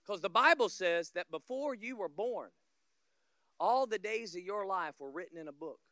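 A man from Florida, preaching a sermon as a guest pastor, telling stories, acting out scenes and building to loud peaks, with humorous asides to the congregation. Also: sits high, expressive, normal speed, no echo, studio quality.

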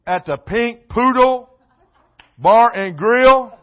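A man preaching a sermon in a church, mixing loud emphatic lines with comic asides. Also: extremely high pitch, lively intonation, slow pace, highs cut off. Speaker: pastor. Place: church sanctuary.

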